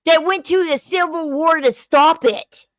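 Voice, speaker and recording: A middle-aged woman with a high voice hosts a casual livestream, rambling along with fillers and restarts. Her voice is recorded dry and close, with no room sound. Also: measured pace, dry recording. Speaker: streamer host.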